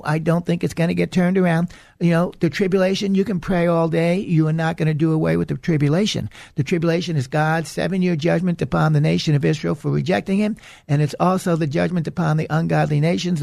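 A man's voice: fairly high pitch, gravelly, a little mellow, no room sound, clean studio sound. A man hosting a preaching program, delivering an earnest, emphatic warning message. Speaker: radio preacher and host. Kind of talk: preaching monologue.

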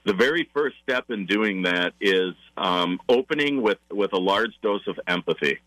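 A man's voice: lowish voice, animated, moderate pace, a bit bright, no room sound, rough recording. A man who facilitates parenting classes, guesting on a radio interview and explaining his method step by step with enthusiasm.

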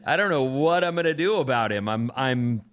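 A man's voice: mid-range voice, normal speed, clear, resonant tone. A middle-aged man co-hosting a casual podcast chat, telling stories with lots of restarts and asides. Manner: rambling, animated storyteller with many restarts. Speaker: podcast co-host.

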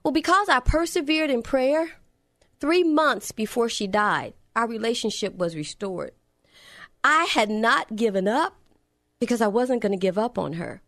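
A woman's voice: fairly high pitch, expressive, measured pace, fairly bright tone, no echo, clean studio sound. A middle-aged woman preaching a sermon, telling a personal story in a fervent, heartfelt way.

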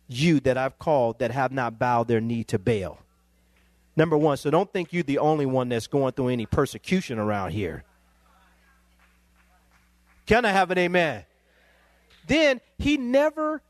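Pastor preaching with rising fervor. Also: male voice, on the high side, dry recording. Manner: rising to excited emphatic peaks. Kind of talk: sermon.

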